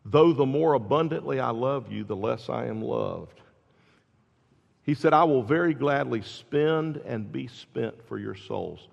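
A man's voice: a little slow, creaky. A man preaching a sermon, explaining scripture with emphatic rises at key points. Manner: emphatic, rising in pitch and volume at key points. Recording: dull sound with long reverb in a hall.

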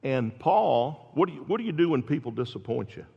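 A man's voice: very animated, a little fast, creaky, a little mellow, slightly rough. A man preaching a sermon, explaining scripture with emphatic rises at key points. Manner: emphatic, rising in pitch and volume at key points. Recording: dull sound with long reverb in a hall.

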